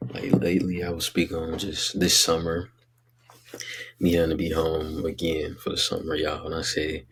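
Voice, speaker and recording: A young man speaking in a very low, gravelly voice with a lot of fry, talking straight to his listeners. His delivery is earnest and rambling, full of casual slang, like a friend giving heartfelt advice in a vlog. The tone is rough and breathy rather than clean. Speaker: vlogger giving life advice. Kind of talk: casual motivational vlog talk.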